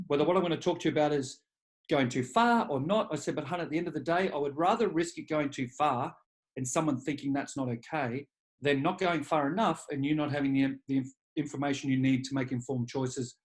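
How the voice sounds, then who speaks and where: A leadership coach in his 40s, speaking as an interview guest, has a brisk voice that sits a little high. He tells candid personal stories in a blunt, profane way, growing animated when quoting himself.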